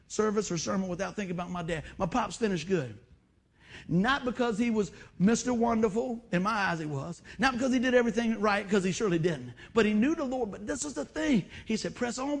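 A middle-aged man preaching a sermon, repeating phrases and urging the congregation on. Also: sits high. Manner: emotional, repetitive exhortation with call-and-response asides. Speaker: pastor.

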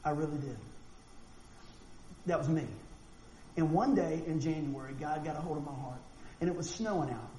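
A man preaching a sermon, animated and folksy, acting out quotes and often repeating words. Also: fairly high pitch, normal speed, long pauses. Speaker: pastor. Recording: echoey room with faint noise.

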